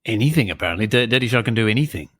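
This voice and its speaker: Animated man joking on a podcast. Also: fairly low pitch. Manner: animated, quick jokes, mock-serious reading of lyrics. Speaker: podcast co-host. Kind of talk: comedic podcast banter.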